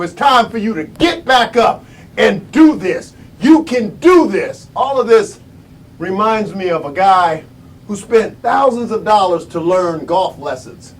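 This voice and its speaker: A man giving a high-energy motivational speech in a preaching cadence, repeating phrases and breaking into shouts. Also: distant mic. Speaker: motivational speaker.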